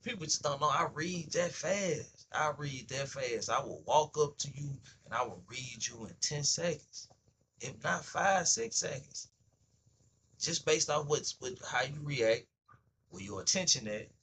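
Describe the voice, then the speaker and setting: A livestream host with a high-leaning, creaky, slightly bright voice talks at a moderate pace with lively intonation, and there's a little hiss or hum. In a casual on-stream monologue, he speaks bluntly in street slang and profanity, acting out both sides of everyday conversations.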